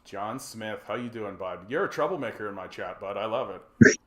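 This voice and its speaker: Hosting a casual call-in stream, this Canadian man speaks expressively at a moderate pace in a lower-register voice. He rambles, jokes and curses freely, stumbling over fillers and restarts, and the recording sounds roomy.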